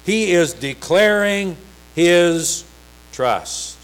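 A man delivering a sermon at an unhurried, deliberate pace. His voice sits a little high for a man, and he reads scripture emphatically, lifting into pleading passages as he preaches. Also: animated, a bit bright, clean tone, rough recording.

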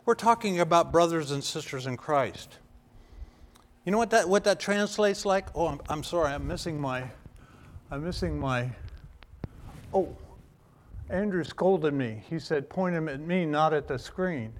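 High-voiced earnest pastor man, slow sermon. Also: lively intonation. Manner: earnest, emphatic, builds to loud stressed phrases; frequent restarts and throat clearing.

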